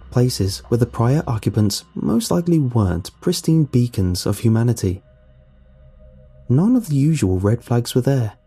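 A man narrates a first-person horror story in a low-key, wry manner. His voice is husky and dark, yet his pitch moves a lot. Faint music sits under him.

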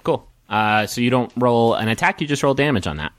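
A man's voice: mid-range voice, lively intonation, fairly quick, no room sound. A man narrating as game master of a tabletop game, hesitant, with many fillers.

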